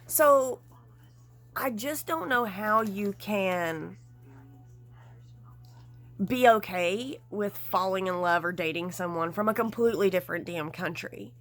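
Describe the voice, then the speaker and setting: Woman vlogger gossiping about a show, animated and frank, mid pitch, swears a bit. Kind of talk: casual chatty commentary.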